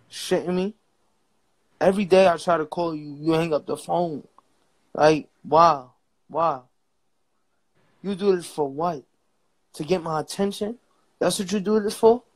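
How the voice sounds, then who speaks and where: A young man with a somewhat high voice, hosting a livestream and arguing in a heated, pleading way. He repeats himself as he presses his point. The sound is close and dry. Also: fairly even intonation, measured pace, pauses often, dry recording, poor audio. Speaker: livestream host. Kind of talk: livestream argument.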